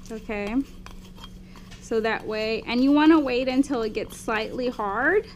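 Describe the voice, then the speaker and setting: Brief: female instructor, slightly high voice, explains lab steps, faint hum behind. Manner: explanatory, often checks in with "okay?". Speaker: dental instructor. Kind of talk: hands-on lab demonstration.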